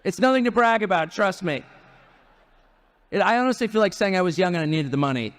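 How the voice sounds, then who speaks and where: A man's voice: high-pitched, lively intonation, fairly quick, a bit bright. A man in his fifties giving a rally speech with wry, joking asides. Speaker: guest speaker at a political rally.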